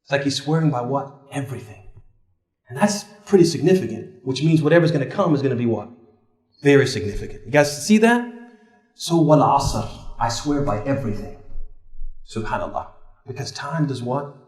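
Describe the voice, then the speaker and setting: A man's voice: expressive, fairly quick, darkish tone. A man leading a religious study workshop, asking the group questions and answering them himself, his voice climbing to press a point. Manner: asks the class questions and fills in the answers himself; rises in pitch to stress points. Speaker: Islamic teacher leading a workshop. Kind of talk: interactive classroom teaching. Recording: echoey room.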